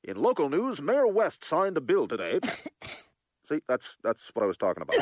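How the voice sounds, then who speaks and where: Cartoon news anchorman, very lively pitch. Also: a little slow, slightly rough, dry recording, studio quality, full character voice. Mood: anchorman, fed up. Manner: announcer cadence, coughing fits. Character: pompous middle-aged male cartoon TV news anchor.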